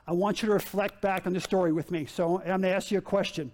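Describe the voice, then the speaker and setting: A male pastor preaches a sermon in a loose, conversational way with a notably high, darkish, steady voice. He repeats his key phrases and keeps putting rhetorical questions to his listeners, speaking quickly with few pauses.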